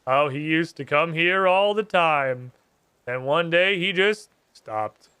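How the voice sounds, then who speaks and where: A man reading the lines of a prim, aloof talking cat in a game, in a slow, drawn-out way. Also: on the high side, animated, bright, forceful tone, clean tone, no room sound, full character voice. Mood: haughty.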